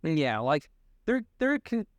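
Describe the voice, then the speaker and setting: Lively rambling young man, dry sound. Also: fairly high pitch, no echo. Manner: rambling, halting, swears freely. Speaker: podcast co-host. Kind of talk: casual chat.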